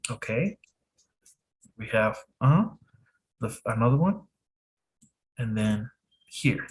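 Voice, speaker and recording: A man teaching an English pronunciation lesson in a casual way, often checking in with "okay". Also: medium pitch. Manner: slow, relaxed explaining with frequent "okay".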